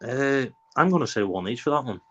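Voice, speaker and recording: A man on a fan panel, talking through his football predictions in a measured way. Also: medium pitch, animated. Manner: measured, reasoning things through with fillers. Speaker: panel guest. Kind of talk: casual chat. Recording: dull lo-fi call audio.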